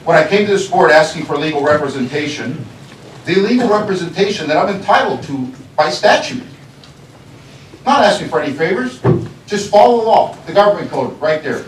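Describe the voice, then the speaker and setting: A high-pitched man speaking as county sheriff, confronting a board in its meeting chambers. His accusatory, deliberate delivery hammers points home through repetition. He sounds far from the mic in an echoey room, with faint room ambience beneath him. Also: animated, a little hiss or hum. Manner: accusatory, deliberate, repeats phrases for emphasis. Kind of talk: public address at a government meeting.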